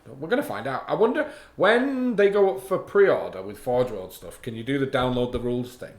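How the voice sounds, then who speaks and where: A man's voice: mid-range voice, expressive, a little fast. Chatty Irish-born man in a roomy room. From Ireland. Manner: chatty, reads viewer comments aloud, laughs easily. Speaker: co-host of a live hobby stream. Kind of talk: casual live-stream chat. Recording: roomy with faint background noise.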